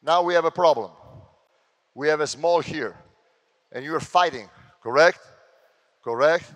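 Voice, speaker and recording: An Italian-accented man coaches players through defensive drills, mixing brisk explanations with sharp shouted cues. His voice sits a little high for a man. The sound carries the long reverb of a large gym. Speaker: basketball coach. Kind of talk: on-court coaching clinic.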